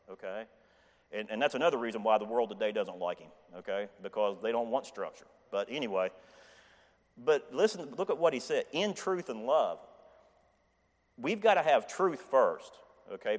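Man preaching in a reverberant church. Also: mid-range voice. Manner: conversational, repeats "okay?" and restarts often. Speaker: lay preacher. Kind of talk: informal church Bible teaching.

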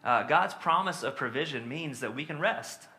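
A man delivers a sermon in a relaxed, conversational teaching style. His voice is bright and forward, and he leans on fillers and tag questions as he explains. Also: on the high side, moderate pace. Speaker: preacher.

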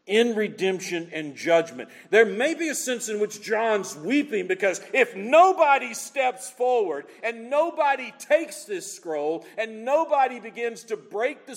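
A man preaches with a high, lively voice that swoops up and down as he presses his points with repeated questions. His words ring out with a long reverb, as if filling a big church hall. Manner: animated, emphatic preaching with repeated rhetorical questions. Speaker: pastor. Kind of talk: sermon.

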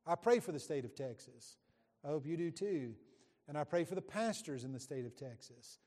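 A man's voice: a little high, animated, normal speed, warm tone. Middle-aged guy preaching, folksy and jokey, long church reverb. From West Virginia, USA. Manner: folksy, joking, addresses the congregation. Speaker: visiting preacher. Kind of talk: sermon introduction from the pulpit. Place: church sanctuary.

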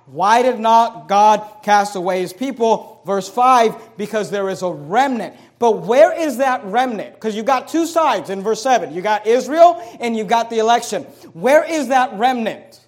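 A man preaching a sermon as pastor, emphatic, with sudden swings between loud passages and hushed ones. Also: high-pitched, expressive, unhurried, hardly any pauses.

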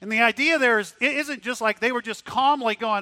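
Male pastor, sermon delivery; high, very bright voice, dry sound, dramatic shifts between loud and hushed. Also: normal speed, few pauses, no room sound. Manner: dramatic swings from loud questions to hushed low tones; repeats words when restarting.

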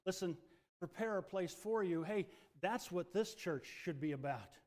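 A man's voice: high-pitched, expressive, moderate pace. Fervent preacher man in an echoing hall. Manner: fervent, swings between hushed and loud. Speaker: pastor. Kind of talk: sermon.

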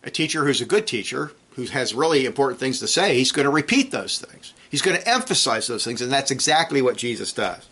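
Male preacher, bright, tense tone, forceful sermon delivery with sharp swings in volume. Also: big pitch swings, fairly quick, few pauses. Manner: forceful preaching, swings between loud emphatic peaks and low drops; clears throat now and then.

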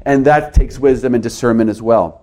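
A man preaching a sermon to his congregation, earnest, with his pitch rising and dropping for emphasis. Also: fairly quick, warm tone. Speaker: pastor.

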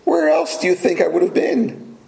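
A man's voice: high-pitched, big pitch swings, normal speed, creaky, warm tone, voice pushed up, full character voice. A man voicing an exasperated preteen boy who talks back to his mother in disbelief. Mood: incredulous. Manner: incredulous, emphatic. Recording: echoey room.

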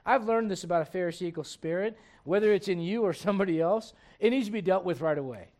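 High-voiced impassioned man preaching a sermon. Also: quick pace, a little mellow. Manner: impassioned and conversational, full of rhetorical questions.

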